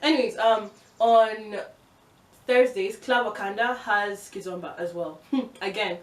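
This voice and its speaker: A young woman from Uganda chatting fast and excitedly in a casual vlog, given to exasperated, swearing rants. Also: mid-range voice, distant mic. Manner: fast, excitable talker who speeds up. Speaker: vlogger. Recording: roomy, from the mic.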